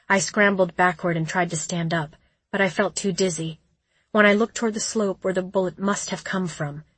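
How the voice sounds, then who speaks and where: A woman narrating a first-person audiobook with a measured, tense storytelling delivery. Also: on the low side, husky, no echo.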